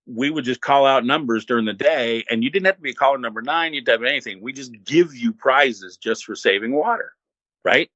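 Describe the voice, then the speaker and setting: An older man, a former radio host, telling stories as an interview guest in an animated, laid-back way and acting out what people said. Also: mid-range voice, fairly quick, no room sound, highs cut off. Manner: animated, laid-back storyteller who acts out quotes. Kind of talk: casual storytelling.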